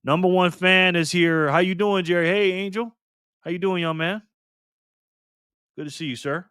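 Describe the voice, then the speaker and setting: Host, male, playful and teasing, slightly high voice, dry close mic, live-stream chat. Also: fairly even intonation, moderate pace, fairly bright tone, smooth, no echo. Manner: playful, teasing, greets chatters by name.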